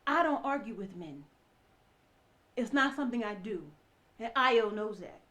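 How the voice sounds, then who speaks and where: Woman, 30s, slightly high voice; personal testimony, earnest, restarts phrases, speaks to the audience. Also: expressive, unhurried, sharp tone. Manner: earnest, repeats herself while recounting events; addresses listeners directly. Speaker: ex-wife telling her story.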